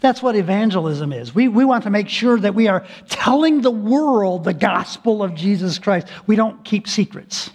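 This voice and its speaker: A male pastor preaching a sermon, earnest and emphatic, stretching key words slowly and restarting phrases often. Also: high-pitched, expressive, a little mellow, a little hiss or hum.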